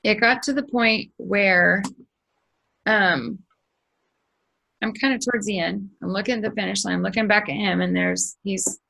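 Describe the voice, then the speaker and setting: Gravelly-voiced woman telling a spiritual story. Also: medium pitch, normal speed, pauses often, poor audio. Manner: swears freely, animated retelling with sound effects. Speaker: spiritual channel host.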